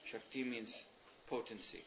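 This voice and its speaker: A man giving a spiritual talk, working through ideas in a roundabout, reflective manner and pausing to search for words. His voice sits at a middle pitch. The lo-fi recording sounds dull, with a faint hiss behind it. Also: fairly even intonation, a bit bright. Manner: thoughtful, meandering, pauses with um and uh. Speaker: spiritual teacher leading a class. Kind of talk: explanatory religious discourse.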